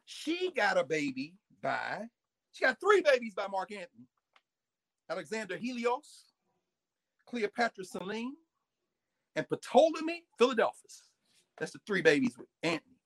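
A man, a professor, talking in an energetic storytelling way and acting out little asides and voices. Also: high-pitched, measured pace, pauses often, no echo. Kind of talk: animated lecture-style talk.

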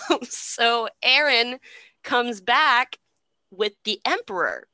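A woman's voice: on the high side, animated, takes it slowly, sharp tone, no echo. A young woman casually retelling a play with irreverent, slangy humor and frequent swearing. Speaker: storyteller.

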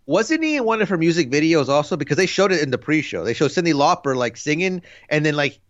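A man's voice: on the high side, very animated, fast, no room sound, muffled recording. A man in his thirties co-hosting a podcast, chatting casually in a rambling, laid-back way full of fillers. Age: 30s. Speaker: podcast co-host. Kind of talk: casual chat.

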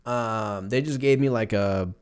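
A fairly low-pitched man in his thirties speaks at a measured pace with a clean tone. He hosts his podcast solo, drinking a beer and rambling in a loose, profane, joking storytelling style.

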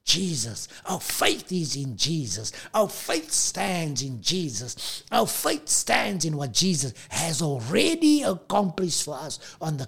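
A man preaching a sermon as pastor, emphatic and repetitive, slowing down to stress key lines. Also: on the high side, gravelly, fairly bright tone, breathy edge.

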